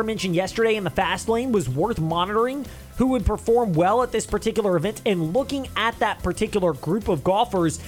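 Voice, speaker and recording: A man hosting a sports talk show, chatting casually with rambling asides. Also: high voice. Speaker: sports talk radio host.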